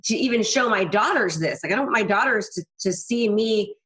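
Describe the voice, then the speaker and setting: A woman's voice: mid-range voice, a little fast. A woman guest, a business coach, telling stories candidly and animatedly, often acting out what people said. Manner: animated, frank, quotes herself and others in voices. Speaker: real estate coach and guest. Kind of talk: candid storytelling interview.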